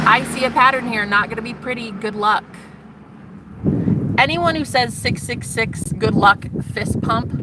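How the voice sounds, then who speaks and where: A woman's voice: medium pitch, noisy background. A woman talking to her viewers in a casual vlog, candid and profane, rambling emotionally and often restarting her sentences. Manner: self-interrupting, restarts often. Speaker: vlogger. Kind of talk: casual spiritual vlog monologue.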